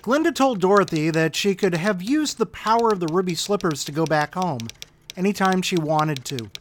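A podcast host reading a hundred-word story as scripted narration, the voice rising and falling in a lively, animated way. The sign-off is dry and wry, and faint typing clicks can be heard in the background. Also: medium pitch, moderate pace, a little hiss or hum.

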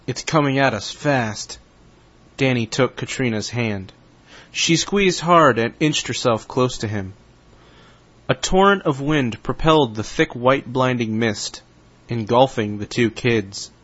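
A man reading his own short story aloud in steady narration. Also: mid-range voice, a little slow, muffled recording. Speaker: story contributor.

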